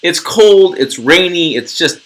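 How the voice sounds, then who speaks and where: A man's voice: a little high, animated, unhurried, poor audio. Chatty middle-aged man hosting a livestream. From Western Nebraska. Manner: chatty, rambling, jokey asides. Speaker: channel host. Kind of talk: casual livestream chat.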